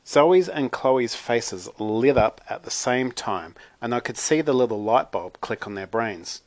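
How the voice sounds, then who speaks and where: A man's voice: mid-range voice, animated, unhurried, hardly any pauses, no echo. A man narrating a first-person children's storybook in a chatty, wry manner. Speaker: audiobook narrator.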